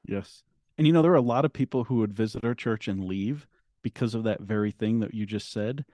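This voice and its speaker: A man in his forties, a podcast guest, telling a personal story earnestly, halting and restarting often. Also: fairly low pitch, mellow, dry recording. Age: 40s.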